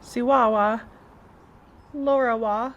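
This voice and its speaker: A woman's voice: a little high, steady tone, takes it slowly, muffled recording. A young woman co-hosting a casual chat, laughing and sounding out made-up words. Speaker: co-host.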